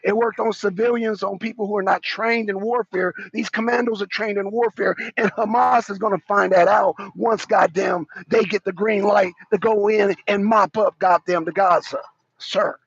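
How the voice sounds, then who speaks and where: A man giving heated commentary on a talk show, ranting in a loud, profane, mocking way. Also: high-pitched, fairly even intonation, normal speed, vocal fry, husky, no room sound. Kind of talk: heated live-stream commentary. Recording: dull, dry lo-fi sound.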